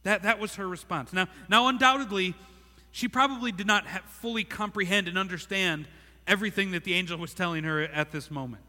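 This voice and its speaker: A man's voice: high-pitched, fairly quick, bright, forceful tone. A man in his thirties preaching a sermon, earnest and repeating words, acting out the thoughts of the figures he reads about. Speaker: pastor. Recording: long hall reverb.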